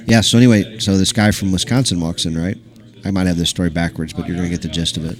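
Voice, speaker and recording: A pool hall owner who hosts a stream tells a rambling story in loose, chatty talk with lots of fillers and the odd swear word. His voice sits low, steady and fast, picked up on a live stream mic over the crowd noise and chatter of pool players.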